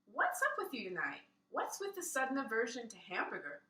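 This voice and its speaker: A woman's voice: a little high, huge pitch swings, brisk, bright, forceful tone, heavily acted. Wry dad, read by a woman. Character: wry adult father at dinner. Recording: roomy sound from a distance.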